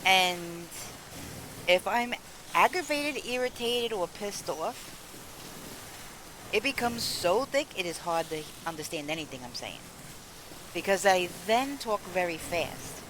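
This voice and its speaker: A woman's voice: medium pitch, slow pace, long pauses, background noise. A woman with a New York accent chatting casually while she streams a zombie shooting game. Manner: chatty, animated, lively storytelling. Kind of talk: casual gameplay chat. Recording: loud game gunfire under voice. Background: zombie shooter game sounds and gunfire.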